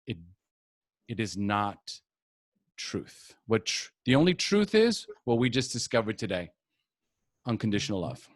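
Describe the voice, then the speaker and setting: A man's voice: fairly low pitch, sing-song, a little slow, long pauses, no echo, studio quality. A middle-aged man leading a live group recovery coaching session, talking earnestly and repeating key phrases for emphasis.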